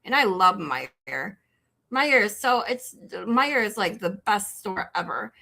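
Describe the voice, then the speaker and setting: Bright-voiced chatty Michigan woman. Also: mid-range voice, unhurried, gravelly. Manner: chatty, animated, rambling, incredulous asides. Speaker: livestream host. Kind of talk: casual chat with live chat. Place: home in Texas.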